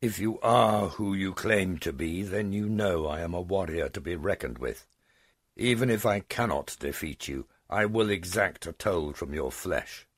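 A man's voice: low-pitched, unhurried, slightly rough, dry recording, studio quality, voice pushed up. A man voicing a fierce, protective female dragon warrior in an audiobook, speaking with defiant force. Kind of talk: audiobook character voice.

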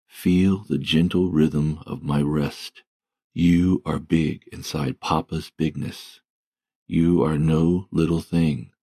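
Brief: man as a tender fatherly God, very low, slow, husky, in a dry close read. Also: darkish tone, no echo, heavily acted. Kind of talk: scripted devotional reading.

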